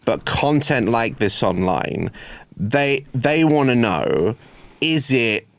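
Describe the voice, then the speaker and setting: A man's voice: mid-range voice, lively intonation, slow pace. A man hosting a casual podcast, asking questions with lots of hesitant fillers. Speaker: podcast host.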